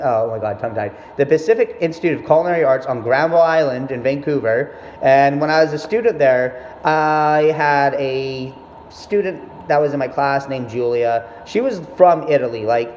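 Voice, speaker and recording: A vlogger with a slightly high, darkish voice rambles through a casual storytelling monologue, cursing and cutting himself off. The room is echoey and dull, with faint background noise.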